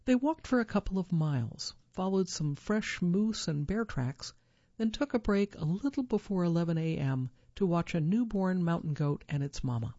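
A narrator reading a true survival story in a measured storytelling manner, lifting the quoted lines. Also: mid-range voice, expressive, dark tone, no room sound, muffled recording.

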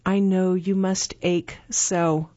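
A woman voicing a young girl who speaks softly and steadily. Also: lowish voice, takes it slowly, no echo, lo-fi sound, voice pushed down. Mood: steady, soft. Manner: soft, steady and quiet.

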